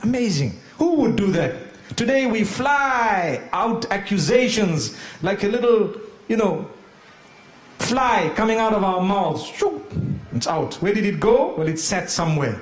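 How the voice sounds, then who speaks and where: A man's voice: high-pitched, expressive, a little slow, roomy sound. A man preaching a sermon, telling humorous stories and asking rhetorical questions.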